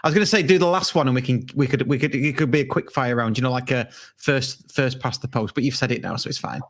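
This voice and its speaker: Male podcast host, mid-range voice, relaxed and chatty, laughs easily. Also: medium pitch. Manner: chatty, laughing often, brisk sign-offs. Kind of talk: casual chat.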